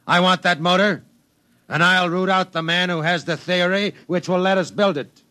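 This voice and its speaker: An actor playing a domineering, ruthless business tycoon in a 1950s radio drama, giving curt, clipped orders. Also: male voice, high voice, fairly even intonation, normal speed, sharp tone. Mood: commanding.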